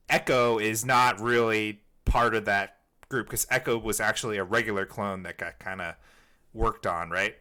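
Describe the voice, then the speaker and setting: A man's voice: medium pitch, pushed and bright. A man hosting a casual podcast chat, rambling with many fillers and restarts. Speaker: podcast host.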